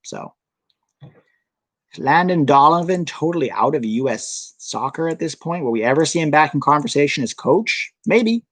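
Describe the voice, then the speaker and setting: A man's voice: fairly high pitch, lively intonation, normal speed, a bit bright, no room sound. A young American man hosting a soccer channel live stream, chatting casually and answering viewer comments. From United States.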